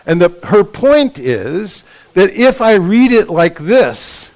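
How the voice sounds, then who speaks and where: An older man teaching a Bible session at a couples retreat, lively and often checking in with the audience. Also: high voice, slow pace, rough recording. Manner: lively, asks the audience for agreement. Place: conference room at a resort.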